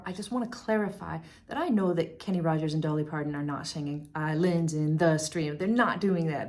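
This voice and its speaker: Woman host explaining music casually. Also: on the low side. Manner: explains with sung and beatboxed examples. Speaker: music teacher and channel host.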